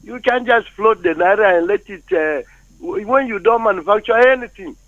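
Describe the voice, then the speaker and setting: A Nigerian man phones in to a talk show and lays out his views forcefully, teasing the host along the way. His voice sits a bit high, and the line is muffled and dry. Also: moderate pace, no echo. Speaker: phone-in caller. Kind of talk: call-in opinion.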